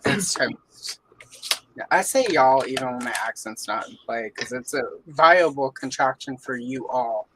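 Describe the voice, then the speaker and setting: A woman's voice: rumbling low, normal speed, noisy background. A woman from the American South with a Southern accent, hosting a casual livestream and greeting viewers by name. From Southern United States. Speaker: livestream host. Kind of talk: casual chat while coloring on stream. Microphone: streaming setup.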